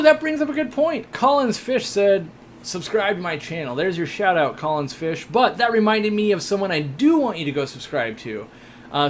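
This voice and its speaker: A young man with a voice that sits high hosts a casual live stream for an aquarium shop, with a little hiss or hum in the audio. He reads viewer questions aloud and answers them chattily, joking and rambling with many fillers.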